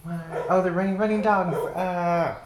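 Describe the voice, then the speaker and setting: A man's voice: high voice, unhurried, a crowd in the background. A man hosting a podcast, telling stories in casual chat with lots of laughter and filler words. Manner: animated storyteller, laughs often, filler "like". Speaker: podcast host. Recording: echoey room with faint ambient noise.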